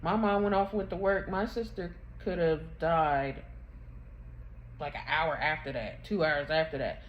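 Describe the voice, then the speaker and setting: Grieving woman, halting, dull phone audio. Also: deep voice. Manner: halting, rambling, grief-stricken storytelling. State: grieving, near tears. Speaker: vlogger. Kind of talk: emotional personal confession vlog. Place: her bedroom at home. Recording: dull muffled sound with faint background hum.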